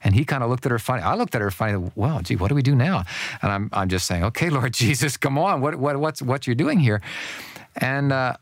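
A man's voice: medium pitch, brisk, no room sound. An older man telling stories as a Christian speaker on men and marriage, acting out the people he quotes. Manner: animated storyteller who acts out voices. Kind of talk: storytelling guest talk.

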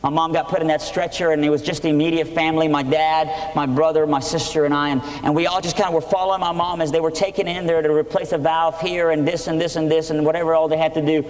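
A man's voice: fairly high pitch, flat delivery, fast talker, hardly any pauses. A man preaching his testimony, telling the story earnestly and with energy. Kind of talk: sermon testimony. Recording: echoey hall.

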